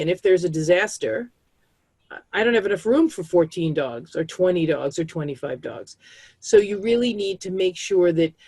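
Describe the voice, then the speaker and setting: A woman's voice: lowish voice, darkish tone, no echo. A woman on a community call, giving chatty advice on pet care and acting out the voices of people she quotes. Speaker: pet disaster-planning speaker.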